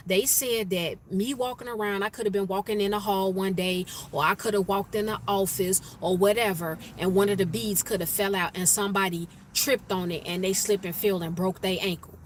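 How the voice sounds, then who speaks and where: A woman's voice: medium pitch, normal speed. A woman vlogger, telling a workplace story to her viewers and acting out the voices of her coworkers. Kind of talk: casual storytime chat to viewers. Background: faint street noise, passing sirens.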